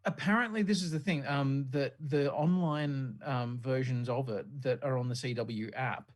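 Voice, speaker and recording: A man's voice: medium pitch, moderate pace. A man hosting a casual pop-culture podcast, rambling with frequent fillers and easy swearing. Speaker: podcast host. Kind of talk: casual chat.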